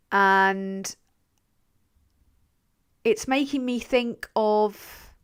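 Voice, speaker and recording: A young woman from England hosts a casual livestream, reading chat messages aloud, swearing freely, and laughing often as she rambles. Her voice is mid-range with a clean tone.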